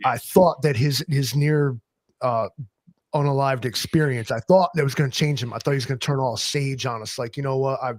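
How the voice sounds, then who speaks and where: A man's voice: mid-range voice, moderate pace, no echo. A man hosting a casual chat, joking and talking in profane slang.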